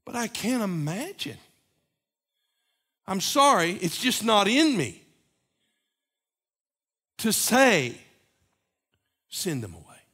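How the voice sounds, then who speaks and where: A man preaching a sermon as pastor, moving between emphatic raised passages and hushed, repeated lines. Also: high-pitched, sing-song, slow, pauses often. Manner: preaching with swings from loud emphatic peaks to hushed, repeated phrases.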